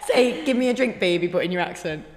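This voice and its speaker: A woman's voice: on the high side, expressive, fast talker, in a large hall, a little hiss or hum. A young woman co-hosting a podcast, bantering bluntly and teasing. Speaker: podcast co-host. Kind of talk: casual chat.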